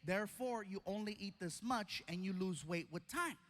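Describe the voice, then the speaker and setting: A man performing stand-up, telling a story in an animated, playful way and acting out voices. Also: high voice, normal speed. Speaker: stand-up comedian.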